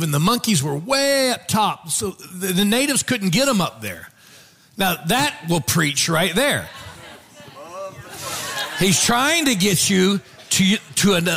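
A man preaching a sermon to a congregation, animated and storytelling, joking with the crowd. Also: high voice, creaky. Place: church before a congregation.

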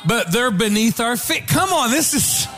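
A man preaching a sermon to a congregation, animated and storytelling, joking with the crowd. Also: extremely high pitch, unhurried, soft background music. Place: church before a congregation.

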